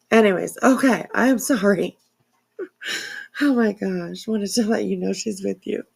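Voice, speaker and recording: A woman's voice: medium pitch, slow pace, gravelly, pauses often, a little mellow, slightly rough. Teary woman rambling on a livestream. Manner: emotional, tearful, rambling with many fillers. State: teary, sniffling. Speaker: livestream host. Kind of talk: casual livestream chat. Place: at home.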